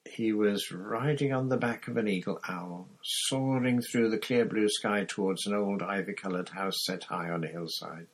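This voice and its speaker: A man reading an audiobook chapter with measured, expressive storytelling. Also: fairly low pitch, breathy edge. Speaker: audiobook narrator. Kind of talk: scripted narration.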